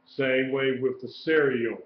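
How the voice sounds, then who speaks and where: Slow-talking man teaching in an echoey room. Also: mid-range voice, fairly even intonation, a little hiss or hum. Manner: slow, explanatory, repeats key points. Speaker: Hebrew teacher. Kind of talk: live-streamed classroom lesson. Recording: echoey room, dull lo-fi sound.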